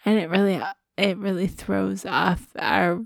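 A woman's voice: mid-range voice, steady tone, a little slow, gravelly, no room sound. A woman co-hosting a casual podcast, stuffy with a head cold, talking candidly and self-deprecatingly. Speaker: podcast co-host.

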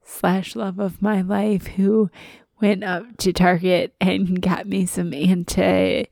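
A woman co-hosts a relaxed podcast with a stuffy head cold. Her voice is low, gravelly and dark, with a flat, slow delivery. The sound is dry and close. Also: dry recording. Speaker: podcast co-host. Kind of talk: casual podcast chat.

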